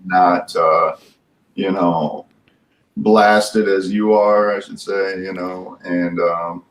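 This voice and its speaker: Deep male guest, halting careful phrasing, echoey room sound. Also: fairly even intonation. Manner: hesitant, measured, many "uh" and "you know". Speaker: podcast guest. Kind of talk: casual chat.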